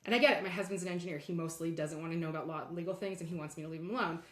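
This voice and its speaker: A middle-aged woman with a fairly low voice tells a work story as a podcast guest. She is candid and lively and acts out bits of dialogue. The sound is echoey, as if recorded in a reflective room. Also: very fast. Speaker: guest, legal operations leader.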